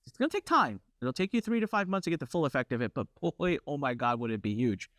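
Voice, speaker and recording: A man's voice: mid-range voice, fast talker, no echo, studio quality. Brash, competitive man telling stories. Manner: brash, competitive, animated storyteller. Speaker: workshop host. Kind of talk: live workshop storytelling.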